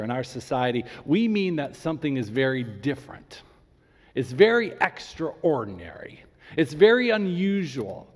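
A mid-range male voice preaches as a pastor, echoing with long hall reverb. He animates his stories by acting out their people, and slows right down to a near whisper when he wants emphasis.

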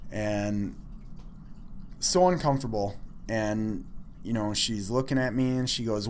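A man telling a personal story in an animated, self-deprecating way with many fillers. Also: fairly low pitch, a little slow, long pauses, slight background noise.

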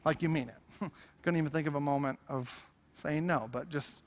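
A man preaching a sermon as pastor, conversational and animated, acting out little asides to the congregation. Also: a little high, moderate pace. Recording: long hall reverb.

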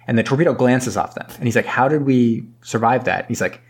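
A man's voice: mid-range voice, fast, slightly rough. A man casually recapping a movie plot, rambling and acting out characters' lines with the odd swear. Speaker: podcast co-host.

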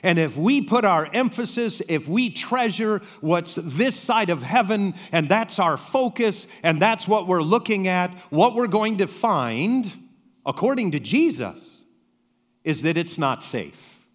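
A pastor delivers a sermon in a fairly high, lively voice that climbs and drops with emphasis. He pauses slowly and leans on rhetorical questions. The sound rings with the long reverb of a large hall.

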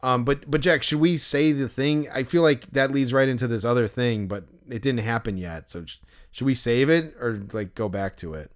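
A young man co-hosting a podcast, telling a story in a casual, animated way with many fillers. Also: moderate pace. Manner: animated storyteller, acts out others in loud high voices. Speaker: podcast co-host. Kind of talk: casual chat.

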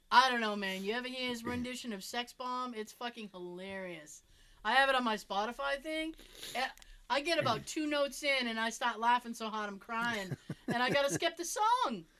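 Casual woman host, raised pitch, swears freely while telling a story. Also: expressive, moderate pace, sharp tone, slight background noise. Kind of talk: casual chat.

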